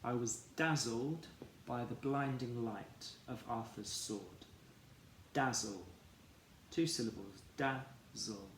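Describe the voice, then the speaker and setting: Male teacher, phonics lesson, unhurried and gravelly, echoey room. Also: medium pitch. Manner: slow, careful, sounding out each letter. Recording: echoey room, faint background noise.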